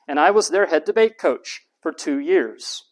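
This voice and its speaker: A middle-aged man from Texas, a college professor giving a lively classroom lecture and stressing his points by repeating words. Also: fairly high pitch, a little slow.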